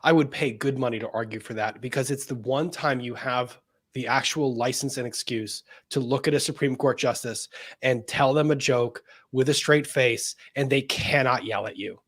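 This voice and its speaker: A man's voice: medium pitch, normal speed, a bit bright, no room sound. Casual co-host, male, dry close mic, reads chats and laughs easily. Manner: laughs often, reads viewer comments aloud. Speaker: co-host reading super chats. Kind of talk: casual livestream chat.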